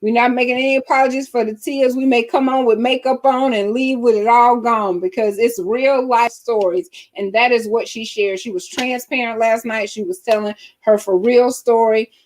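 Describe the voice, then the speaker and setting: Lively, laughing woman host. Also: fairly high pitch, moderate pace, hardly any pauses. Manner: lively, laughing, preacher-like cadence. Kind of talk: casual live-stream chat.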